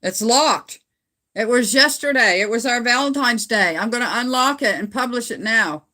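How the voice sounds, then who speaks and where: A woman's voice: on the high side, normal speed, bright, forceful tone. A middle-aged woman from Canada chatting casually with viewers on a livestream from home on her phone, rambling and laughing often. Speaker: livestream host. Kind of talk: casual live chat with viewers.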